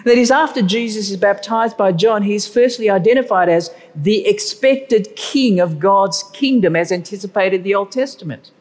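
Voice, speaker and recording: A man preaching a sermon, animated and drawing out key words slowly for emphasis. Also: sits high. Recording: long hall reverb.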